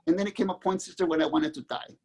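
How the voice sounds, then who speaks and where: A middle-aged man from Mexico, a guest author, telling his own life story in an earnest, halting way with many restarts. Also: high-pitched, fairly even intonation, a little mellow, slightly rough. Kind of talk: candid personal storytelling.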